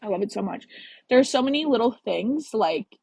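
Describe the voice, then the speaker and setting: A woman's voice: a little high, animated, a little fast, vocal fry, a little mellow, breathy edge, no echo. A woman in her twenties reading a romance novel aloud on a phone live stream, then chatting in a gushing, slangy way. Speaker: book reader and live streamer.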